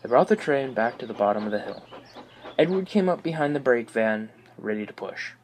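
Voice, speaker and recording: A man narrating a children's storybook aloud with an expressive reading. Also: mid-range voice, fairly quick, slight background noise, low-quality recording.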